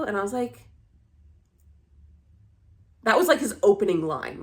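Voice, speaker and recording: A woman's voice: medium pitch, expressive, unhurried, vocal fry, long pauses. A young adult woman chatting casually on her vlog, telling dating stories in a candid, blunt way and swearing freely. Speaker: vlogger. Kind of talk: casual chat.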